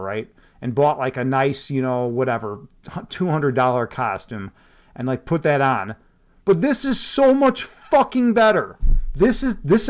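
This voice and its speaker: A man hosting a casual Halloween stream, rambling and joking with his chat and laughing at himself, on a desk microphone at home. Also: fairly high pitch. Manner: rambling, jokey, self-mocking, laughs often.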